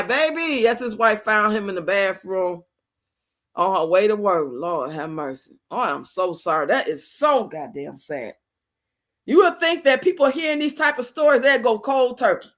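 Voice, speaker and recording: This middle-aged livestream host has a mid-range, fairly bright voice. She chats casually and tells stories, often laughing and performing what people said.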